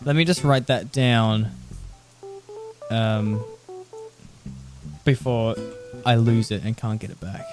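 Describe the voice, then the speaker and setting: A man's voice: lowish voice, takes it slowly, long pauses. A man streaming a game, chatting casually in a rambling way and laughing often. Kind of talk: casual chat while playing. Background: background music.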